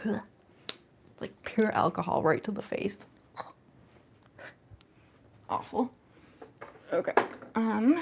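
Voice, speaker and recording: Giggly woman livestreaming, low and gravelly. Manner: chatty, giggly, reads out chat. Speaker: cosplay livestreamer. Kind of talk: casual livestream chat. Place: home room. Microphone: phone with plug-in mic.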